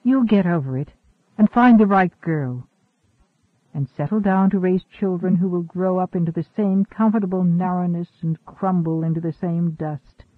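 A man reading the part of a centuries-old woman scientist, speaking in a measured, calm, gently firm way. The recording is tinny and narrow-band. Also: high-pitched, no room sound. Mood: reflective.

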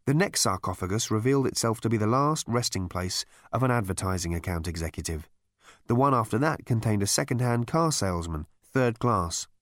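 A man's voice: lowish voice, lively intonation, a little fast, no echo. A man reading a comic novel aloud as narrator in a dry, wry storytelling manner. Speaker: audiobook narrator. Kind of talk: scripted narration.

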